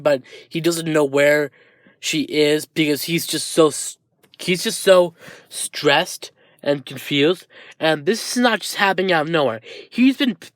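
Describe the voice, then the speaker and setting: A man's voice: a little high, a bit bright, dry recording, clean studio sound. A man improvising a fan story aloud, rambling and hesitant with many restarts.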